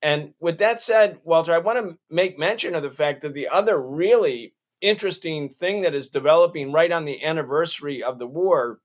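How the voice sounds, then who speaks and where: A man's voice: on the high side, moderate pace, few pauses. A male show host giving emphatic political commentary, often restarting his sentences.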